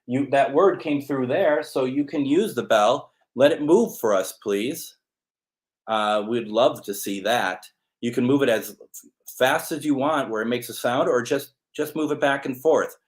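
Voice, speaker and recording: A man's voice: medium pitch, unhurried. A man hosting a live spirit box session, chatting casually while calling out to spirits and talking to his cat. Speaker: host.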